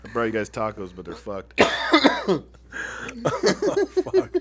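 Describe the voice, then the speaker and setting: A man's voice: medium pitch, huge pitch swings, slow, a crowd in the background. A man telling rowdy stories to friends in casual chat, swearing a lot and laughing through his own tales. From Phoenix, Arizona area. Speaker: storyteller among friends.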